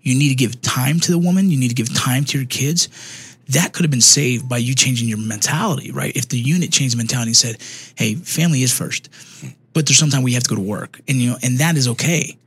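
A man's voice: mid-range voice, fast, fairly bright tone, slightly rough, no echo. A man in his thirties, a military veteran, telling blunt, profane stories in casual chat. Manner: profane, blunt, emphatic storytelling. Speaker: veteran podcast guest.

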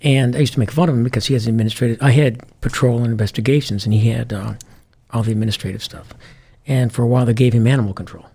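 Male ex-police commander, raspy voice, lively storyteller who acts out the dialogue. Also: mid-range voice, fast talker, few pauses. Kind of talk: anecdotal interview storytelling.

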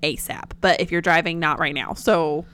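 A woman's voice: sits low, steady tone, normal speed, a bit bright, a little hiss or hum. Bubbly Southern woman podcast co-host. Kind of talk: casual chat.

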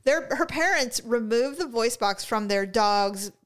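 A middle-aged woman co-hosting a casual chat, telling stories in an exasperated, animated way. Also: a little slow. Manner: animated, exasperated storytelling with sudden high exclamations. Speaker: podcast co-host.

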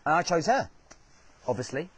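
Earnest man, slightly high voice. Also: sing-song, moderate pace, slightly rough. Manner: earnest, repeats phrases for emphasis. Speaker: host. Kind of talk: motivational talk.

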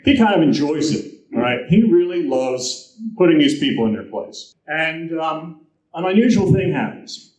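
A man's voice: fairly high pitch, lively intonation, moderate pace, darkish tone, roomy sound, rough recording. A man speaking to an audience, telling film history anecdotes and acting out the quoted voices as he goes. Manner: storytelling, acts out quoted voices.

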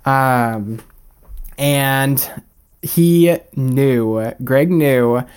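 A man's voice: mid-range voice, drawn-out words, a little mellow, clear, resonant tone. A young man, a podcast guest, telling a candid personal story in a chatty way with many fillers. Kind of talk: casual storytelling.

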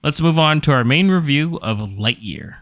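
Animated, joking podcast guy. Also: a little high, moderate pace, heavy background noise. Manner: joking, profane, teasing. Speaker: podcast co-host. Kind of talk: casual movie review chat.

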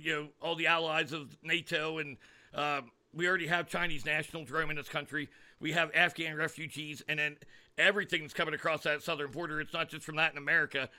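A man's voice: fairly high pitch, bright, forceful tone. A man hosting a political podcast, talking in a sarcastic, ranting way with frequent fillers and restarts. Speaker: podcast host.

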